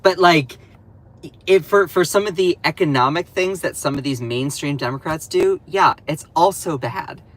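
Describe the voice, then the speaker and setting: A Southern man with a Southern American accent, giving sassy, animated political commentary on a casual live stream. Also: fairly high pitch, normal speed, rough recording. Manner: sassy, animated, teasing asides.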